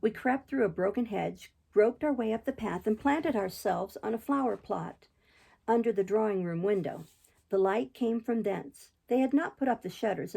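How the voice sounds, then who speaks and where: A woman reading a classic novel aloud in a steady storytelling manner, with a few small slips. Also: a little high, gravelly, husky. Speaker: reader.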